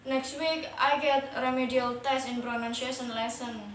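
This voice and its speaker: A woman's voice: high-pitched, steady tone, normal speed, fairly bright tone, a little hiss or hum. A young woman playing a worried female student in an amateur class drama, reciting stiff lines in plain non-native English. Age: young adult. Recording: echoey room, far from the mic.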